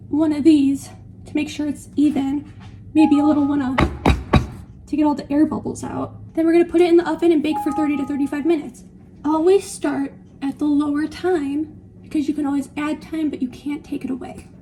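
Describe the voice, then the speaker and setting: High-voiced young woman chatting while baking. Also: background noise. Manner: rambling, self-deprecating, laughs often. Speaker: vlogger. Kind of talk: casual chatty baking vlog. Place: home kitchen.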